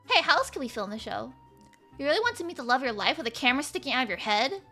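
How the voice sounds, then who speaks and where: A woman puts on a bubbly, flirty guide for a dating game, high-pitched and bright. She teases and winks her way through every line, bouncing all over her range. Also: big pitch swings, rapid-fire, soft background music, exaggerated voice. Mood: teasing. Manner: playful, teasing. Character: perky female show guide, teasing and flirty.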